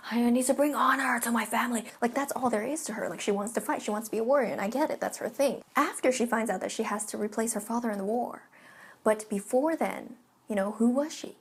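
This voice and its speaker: A woman's voice: fairly high pitch, fast talker, husky. A young woman from California talking in casual commentary, emphatic and ranting, swearing often. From California, United States. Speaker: vlogger.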